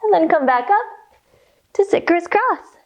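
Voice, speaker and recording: A young woman leads little kids through yoga in a high voice that swoops up and down. She talks slowly, in a cheerful sing-song, and breaks into rhymes and playful animal noises. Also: expressive, muffled recording. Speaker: kids' yoga teacher. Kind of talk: guided children's yoga with rhymes.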